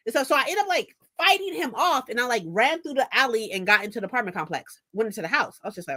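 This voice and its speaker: A young woman in her twenties telling a story in a casual vlog, animated and profane, laughing often. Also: on the high side, fast, hardly any pauses. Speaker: vlogger.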